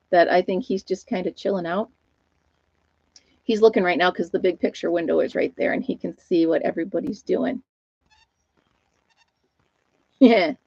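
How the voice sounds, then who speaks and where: A woman's voice: on the low side, darkish tone, dry recording. An older retired woman chatting casually on a live stream from home, rambling and laughing often. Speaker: host of a live knitting chat stream. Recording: dull, lo-fi, dry sound.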